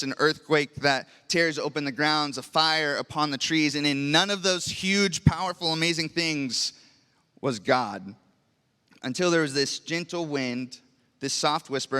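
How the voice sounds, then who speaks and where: A man's voice: medium pitch, pushed and bright, clear, resonant tone, in a large hall. A young male pastor preaching a sermon, telling a personal story in an earnest way that sometimes turns emotional. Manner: earnest, grows emotional, acts out prayers. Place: large church hall.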